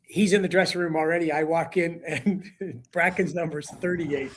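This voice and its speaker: A man's voice: on the high side, moderate pace, a little hiss or hum. A man, a hockey broadcaster appearing as a guest, telling a story in a casual sports talk-show chat and acting out the quotes as his voice climbs. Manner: animated storyteller, acts out quotes with rising voice.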